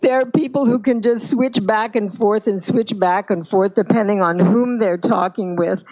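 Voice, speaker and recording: A Canadian woman being interviewed as a pronunciation coach, talking in a measured, thoughtful way. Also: medium pitch, darkish tone, dull audio. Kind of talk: casual interview talk.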